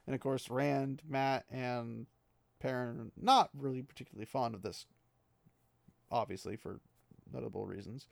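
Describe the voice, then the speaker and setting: A man's voice: medium pitch, steady tone, normal speed, creaky, pauses often, no echo. A man casually retelling a fantasy novel chapter for a podcast, chatty with lots of asides. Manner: chatty, lots of 'he's like' asides, laughs at the text. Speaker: book recap podcaster.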